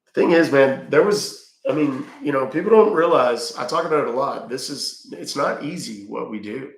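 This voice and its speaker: Gravelly man chatting with viewers. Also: mid-range voice, animated, moderate pace, roomy sound. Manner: chatty, answers viewer questions with fillers. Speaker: livestream host reading chat. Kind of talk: casual chat.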